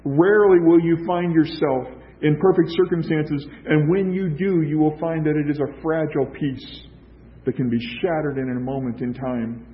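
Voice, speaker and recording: A man's voice: on the high side, fairly even intonation, moderate pace. Man preaching on a dull recording. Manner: emphatic preaching with rhetorical questions and repetition. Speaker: pastor. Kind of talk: sermon.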